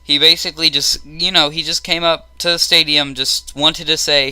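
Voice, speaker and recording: A man's voice: on the high side, steady tone, normal speed, bright, forceful tone, smooth, no room sound. A young man in casual online chat, a laughing, chatty storyteller.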